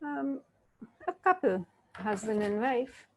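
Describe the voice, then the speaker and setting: A woman giving a reflective interactive talk, speaking gently and often checking in with her listeners. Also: a little high, big pitch swings. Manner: slow, gentle, checks in with "yeah?".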